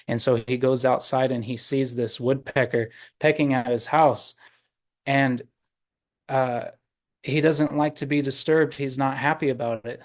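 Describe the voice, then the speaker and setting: A man telling a traditional story to an online audience, unhurried, with many pauses and fillers. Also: medium pitch, fairly even intonation. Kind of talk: oral storytelling. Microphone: video call.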